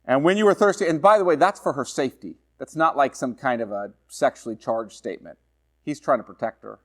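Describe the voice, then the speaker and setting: A male pastor teaching through a Bible passage in a conversational way, reading verses aloud slowly and then explaining them while often checking in with "right?" and "okay?". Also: medium pitch. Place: church.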